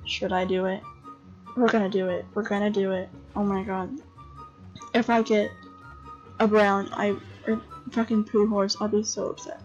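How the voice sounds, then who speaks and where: A tired young woman giving casual commentary on a horse game, chatty and excitable, swearing freely and breaking into gasps and laughs. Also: medium pitch, normal speed. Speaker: gamer commentator. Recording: dull lo-fi home recording with faint game music.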